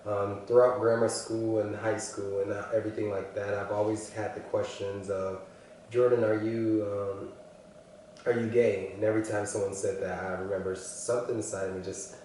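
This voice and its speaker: A young man telling his personal story earnestly, halting often and restarting his sentences. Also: lowish voice, little pitch movement, a little mellow, recorded from a distance, slight background noise. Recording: echoey room, voice from afar.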